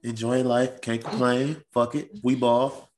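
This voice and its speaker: A man's voice: mid-range voice, fairly even intonation, measured pace. A man co-hosting a podcast, laid-back and teasing, his nose stuffed up. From USA. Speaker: podcast co-host. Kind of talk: casual chat.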